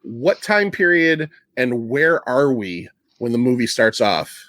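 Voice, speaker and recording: A man hosts a relaxed movie podcast, middle-pitched and chatty. He retells scenes with laughs and quick impressions. The sound is dry and close. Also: dry recording. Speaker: podcast host. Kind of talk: casual movie chat.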